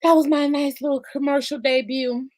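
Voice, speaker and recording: High-voiced chatty woman podcast host. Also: steady tone, normal speed, slight background noise. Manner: laughing, chatty, loud bursts then dropping soft. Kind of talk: casual live-stream chat.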